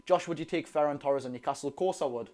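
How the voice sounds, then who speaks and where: A man's voice: fairly high pitch, quick pace, a little mellow. A man with a Geordie accent hosting a casual live stream, reading out viewer questions and answering them chattily, often calling listeners "mate". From North East England. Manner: calls listeners "mate" and "lads". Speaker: livestream host. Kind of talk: casual live watch-along chat.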